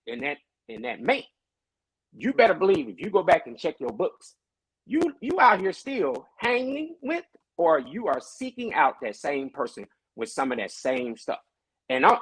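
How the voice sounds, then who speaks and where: A man who is a pastor, talking in a casual podcast discussion with animated, preacher-like storytelling. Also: fairly high pitch, normal speed, slightly rough, no echo, low-quality recording.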